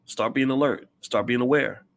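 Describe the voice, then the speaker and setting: A man's voice: mid-range voice, moderate pace, creaky. A middle-aged man giving an impassioned, preachy monologue as a commentator, hammering his points with repetition.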